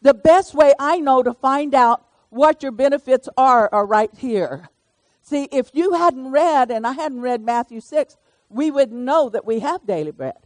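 A woman's voice: high-pitched, unhurried, darkish tone, no echo. An older woman preaching a sermon in a folksy, conversational way, calling on listeners by name.

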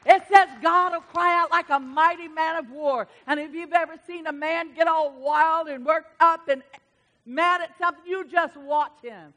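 A woman preacher delivers a sermon with passion and emphasis, her voice pitched high and bright. She swings from quiet asides to loud, fervent exclamations. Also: steady tone, normal speed. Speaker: preacher to women.

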